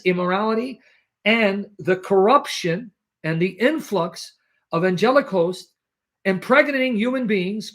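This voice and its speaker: Casting: male apologist, fairly high pitch, forceful, lecturing, full of rhetorical questions. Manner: emphatic, rhetorical questions, clears throat. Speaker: Christian apologist guest. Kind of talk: animated theological argument.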